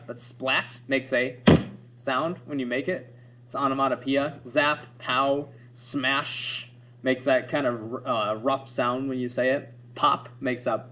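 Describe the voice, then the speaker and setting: In a classroom lecture on poetry, a man with a medium-pitched, fairly bright voice explains the material and sounds out examples. He often checks in with his listeners by asking "right?".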